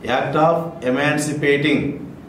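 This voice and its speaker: A man's voice: on the high side, steady tone, slow pace. A man teaching vocabulary, saying each word, spelling it letter by letter and giving its meaning. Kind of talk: spelling and defining word list. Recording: echoey room, faint ambient noise.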